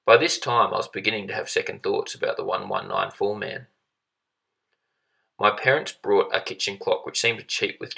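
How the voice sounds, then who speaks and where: A man reading a short story aloud in a measured, steady storytelling manner. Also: fairly low pitch, vocal fry, low-quality recording. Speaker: reader.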